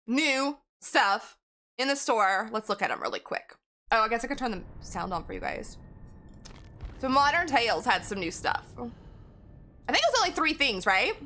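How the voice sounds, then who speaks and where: A woman's voice: a little high, sing-song, moderate pace, pauses often, pushed and bright, a little hiss or hum. A woman game streamer in casual live-stream chat, rambling and giggling as she talks to her viewers.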